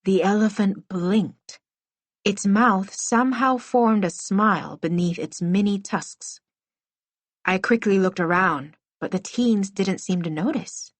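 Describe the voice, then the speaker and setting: A woman's voice: mid-range voice, slow pace, no echo. Give me a woman narrating a first-person audiobook, close and dry in a studio booth.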